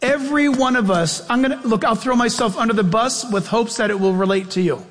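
A pastor preaching a sermon in an emphatic, conversational way, with self-deprecating asides. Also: male voice, very high voice, a little fast, a bit bright, in a large hall.

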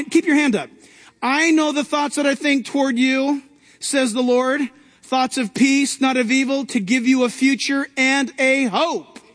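A pastor delivers a sermon in a very high voice, pushing hard on key lines and rising in bursts. His words ring out with the long reverb of a large sanctuary. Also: fairly bright tone. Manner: emphatic preaching with rising outbursts.

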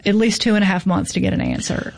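A woman's voice: medium pitch, fairly even intonation, quick pace, creaky. A woman, a book festival organizer chatting casually and telling stories, acting out what people said. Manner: chatty storyteller, acts out quoted voices. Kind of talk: casual chat.

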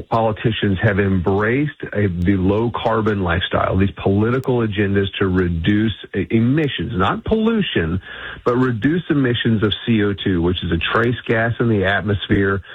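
A man's voice: on the low side, breathy edge, dry recording. A man being interviewed on radio as an energy institute CEO, talking emphatically and assertively with frequent restarts. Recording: dull lo-fi radio line.

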